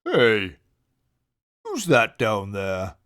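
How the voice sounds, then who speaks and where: A big, gentle, lonely bear from a picture book, voiced by a man reading aloud. He speaks in a deep, friendly voice at an unhurried, drawn-out pace. He sounds kind and never threatening. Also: huge pitch swings, clean tone, exaggerated voice. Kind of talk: storybook read-aloud.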